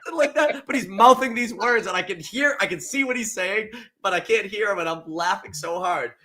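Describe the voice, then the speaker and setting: A man with a high, ringing voice tells a story on a podcast, animated and quick to laugh. He acts out other people's lines as he goes, in a loose, casual chat. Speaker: podcast co-host.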